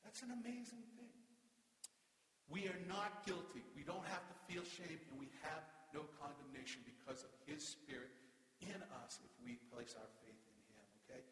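A man preaching a sermon as pastor, animated and emphatic, slowing down to stress key words. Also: a little high. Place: church. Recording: echoey church hall.

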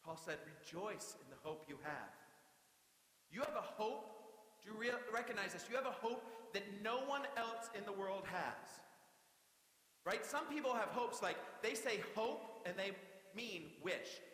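A young man preaching a sermon as pastor, in a lively, conversational way with playful asides. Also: high voice, unhurried. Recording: echoey hall with long reverb.

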